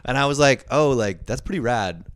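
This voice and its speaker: A man's voice: medium pitch, lively intonation, brisk, smooth, no room sound, clean studio sound. A young man hosting a podcast, telling rambling stories full of swearing in casual chat. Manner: profane, rambling storyteller. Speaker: podcast host.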